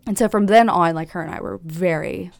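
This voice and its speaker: A young woman recounts her past in an interview, candid and reflective, her slightly low voice carrying a gravelly edge. The sound is close and dry with no room around it. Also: no room sound. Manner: candid, reflective, with quick laughs and acted-out quotes. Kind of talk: personal life-story interview.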